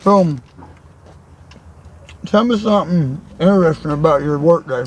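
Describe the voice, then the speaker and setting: Middle-aged man with a fairly high voice. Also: unhurried. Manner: asks short probing questions. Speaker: father and vlog host. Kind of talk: casual chat.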